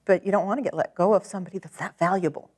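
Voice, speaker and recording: Calm encouraging woman coach. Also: lowish voice, very fast. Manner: calm, encouraging, gently directive. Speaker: tapping coach. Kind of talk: guided coaching session.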